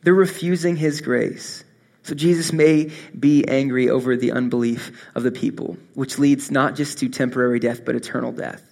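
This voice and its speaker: A young man preaching a sermon, earnest and swinging from soft, intimate moments to impassioned rises. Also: medium pitch, steady tone, moderate pace, vocal fry. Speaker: pastor.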